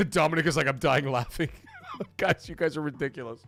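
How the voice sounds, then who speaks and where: A man hosting a late-night livestream, excitable and swearing a lot, getting out of breath as he swings from loud outbursts to low mumbling. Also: normal speed, vocal fry, faint music behind. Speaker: livestream host. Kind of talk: casual late-night stream chat.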